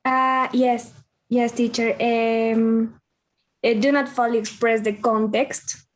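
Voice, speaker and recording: A woman's voice: fairly high pitch, little pitch movement, takes it slowly. A woman student on a video call, answering her teacher hesitantly and reading words out carefully. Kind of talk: classroom answers.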